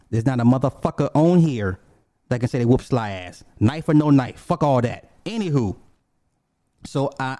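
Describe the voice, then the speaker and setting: This is a man's casual, crude, spirited retelling of his own experience, his delivery veering from soft mumbling to loud exclamation. No echo can be heard.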